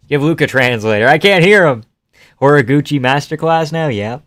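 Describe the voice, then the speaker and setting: A man's voice: on the high side, lively intonation, moderate pace, a bit bright, dry recording, studio quality. A male streamer giving casual live fight reactions and reading chat questions aloud, offhand and chuckling, swearing now and then.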